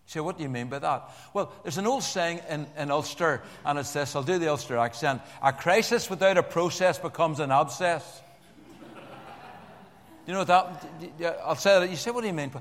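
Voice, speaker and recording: A man's voice: a little high, brisk, hardly any pauses. Older male preacher in a reverberant hall. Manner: animated, repeats words, jokes with the congregation. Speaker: pastor. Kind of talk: sermon. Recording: long church-hall reverb.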